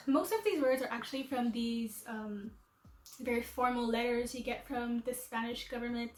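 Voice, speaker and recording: A woman's voice: on the high side, normal speed, echoey room, a little hiss or hum, low-quality recording. A woman vlogger chatting casually and self-deprecatingly to camera, laughing at herself.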